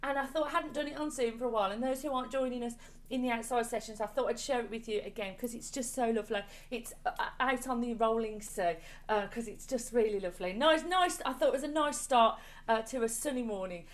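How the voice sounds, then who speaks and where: A woman leading an online choir warm-up from home over a video call, chatty and encouraging, coaxing the group along with repeated praise. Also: a little high, fast. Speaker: choir leader. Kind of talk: online singing warm-up class.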